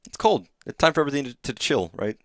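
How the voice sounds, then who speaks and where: A man's voice: mid-range voice, expressive, fast talker, no echo, studio quality. A man streaming live gameplay, rambling and swearing casually, sounding exhausted and sleepy. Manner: rambling and profane.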